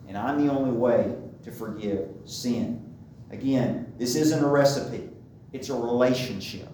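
A man's voice: medium pitch, a little mellow, slight background noise. A man preaching a sermon, emphatic and driving his points home by repeating them. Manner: emphatic, repeats key phrases. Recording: very echoey room, mic far off.

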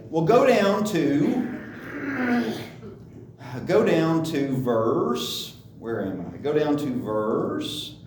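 Male preacher, conversational teaching sermon, high-ish voice, distant mic in a reverberant sanctuary. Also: darkish tone, slight background noise. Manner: conversational, often asks "okay?" to check understanding. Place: church sanctuary. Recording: echoey hall, far from the mic.

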